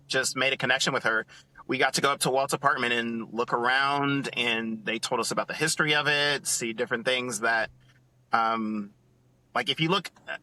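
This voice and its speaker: A man on a casual podcast, telling a story in an animated, excited way and acting out what others said. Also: mid-range voice, no echo. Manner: animated, acts out quotes in other voices. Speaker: podcast co-host.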